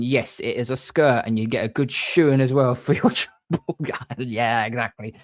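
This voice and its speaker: Man, livestream host, reads chat, shout-outs, restarts, middle pitch. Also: normal speed, dry recording. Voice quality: rambling, frequent restarts, mate-and-bro shout-outs. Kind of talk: casual livestream chat, reading comments.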